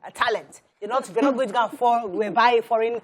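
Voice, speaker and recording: A woman's voice: fairly high pitch, fast talker. A woman hosting a studio panel discussion, posing probing questions and often repeating words as she works toward them. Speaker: talk show host.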